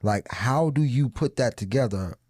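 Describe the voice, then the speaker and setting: A man interviewing a guest in a casual chat, easygoing and halting as he works out his questions. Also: medium pitch, lively intonation, darkish tone, dry recording, studio quality.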